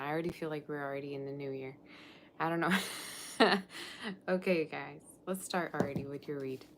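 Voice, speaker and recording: A woman's voice: sits low, a little hiss or hum. A woman tarot reader chatting casually on a live stream, scattered and often interrupting herself.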